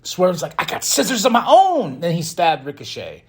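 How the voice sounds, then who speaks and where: Animated man hosting a rambling podcast recap. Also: high voice, normal speed, breathy edge. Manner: excitable, rambling, breaks into laughs. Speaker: podcast host. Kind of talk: casual wrestling show recap.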